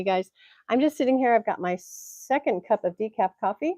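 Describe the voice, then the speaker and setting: A woman from Tennessee, USA, livestreams casually from home on a computer mic, her mid-range voice animated, a little mellow, and at a moderate pace. She rambles and laughs often, and the recording is dry and lo-fi.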